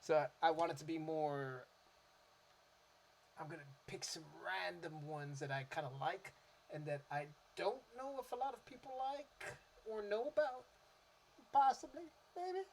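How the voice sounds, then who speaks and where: A man's voice: on the high side, unhurried, gravelly, a little hiss or hum. Chatty man rambling into a mic. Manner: rambling, relaxed, many fillers and restarts. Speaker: music vlogger. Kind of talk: casual chat about favourite cover songs. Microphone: desktop microphone.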